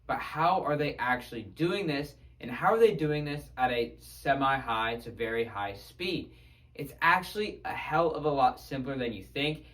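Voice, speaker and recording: A man teaching guitar, talking through techniques in an energetic, conversational way. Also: mid-range voice, rough recording. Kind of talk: instructional video narration.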